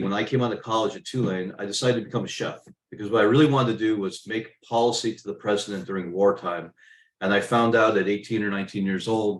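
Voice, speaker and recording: A man's voice: on the low side, reverberant. A middle-aged man hosting a business webinar, telling stories in a conversational, emphatic way. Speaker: webinar host and business mentor. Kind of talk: webinar presentation.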